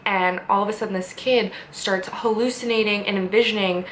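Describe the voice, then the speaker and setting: A woman's voice: medium pitch, steady tone, fairly quick, a bit bright, slight background noise, rough recording. Chatty, sarcastic woman reviewing TV. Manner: chatty, sarcastic, swears a lot. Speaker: TV episode reviewer. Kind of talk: casual chat.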